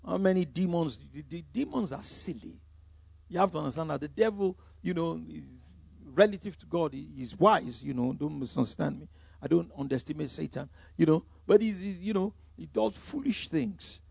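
A Nigerian man preaching a sermon as pastor, emphatic, swinging from loud declarations to quiet asides. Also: on the high side, lively intonation, normal speed, creaky, slightly rough, no echo.

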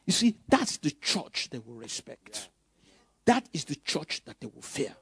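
Man preaching, swings up to shouts then drops to jokey asides, dry sound. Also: a little high, big pitch swings, a little slow, creaky, breathy edge, no echo. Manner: preaching with bursts of loud emphasis; mocking asides. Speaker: pastor. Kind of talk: sermon.

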